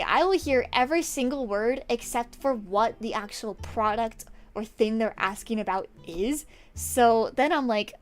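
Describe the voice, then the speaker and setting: Her voice slightly high, a young female streamer chats her way through a work anecdote as she draws. She curses without holding back and replies to chat messages as she goes.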